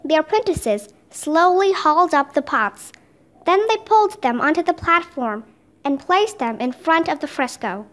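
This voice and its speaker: Expressive woman reading a children's book. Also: sits high, moderate pace. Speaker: storybook reader.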